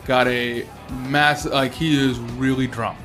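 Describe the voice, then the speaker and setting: A man's voice: medium pitch, slow pace, music in the background. Man narrating as game master. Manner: descriptive, relaxed narration with fillers.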